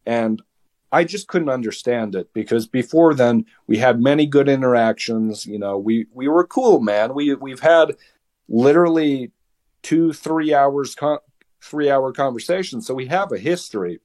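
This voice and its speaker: A young man in his late teens talks as a podcast guest. He tells his side of a story in a heated, lively way and often stumbles and restarts mid-sentence. His voice sits at an ordinary male pitch. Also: normal speed. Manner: heated, animated retelling with many restarts. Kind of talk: casual storytelling.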